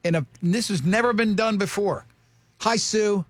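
A man's voice: high-pitched, normal speed, dry recording. A man hosting a morning radio show, joking and teasing a caller through a quiz.

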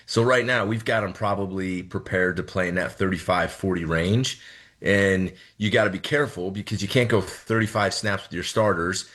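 A man's voice: deep voice, moderate pace, a bit bright. A man in his thirties, a head football coach, explaining his choices in a radio interview and repeating words as he thinks.

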